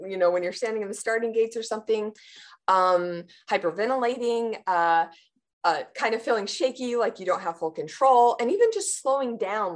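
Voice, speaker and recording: Woman, trauma therapist guest, animated explainer who gasps out panicked inner voices. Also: medium pitch. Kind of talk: explanatory interview answer.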